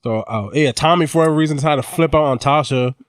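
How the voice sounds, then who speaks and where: A man co-hosting a podcast, walking through plot points in relaxed, slangy talk with plenty of swearing. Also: on the high side, fast, clear, resonant tone, dry recording, clean studio sound. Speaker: podcast co-host. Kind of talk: casual chat recapping a TV show.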